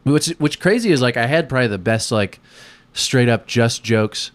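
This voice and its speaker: A young man, a comedian co-hosting a podcast, telling profane stories in casual chat and acting out quotes loudly. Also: medium pitch, animated, moderate pace.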